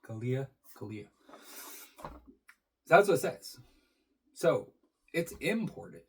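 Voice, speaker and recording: A man's voice: a little high, big pitch swings, slow pace, vocal fry, slightly rough, rough recording. A man talking casually through an unboxing for his channel, rambling and swearing freely as he goes. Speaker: beer reviewer.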